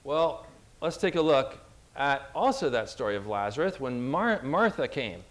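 A man preaching an earnest, heartfelt sermon, speaking warmly and personally as he retells scripture. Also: medium pitch, big pitch swings, moderate pace. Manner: earnest, emotional, retelling scripture with acted quotes.

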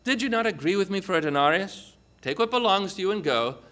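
A man playing a generous male vineyard owner who answers his workers in a lower, measured, patient voice. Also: lively intonation, bright, forceful tone.

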